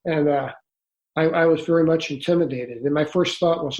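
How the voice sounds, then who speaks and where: A man in his sixties, a guest author recounting his own past in an interview. He tells it earnestly and haltingly, with many restarts. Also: fairly high pitch, darkish tone, echoey room. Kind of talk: storytelling in an interview.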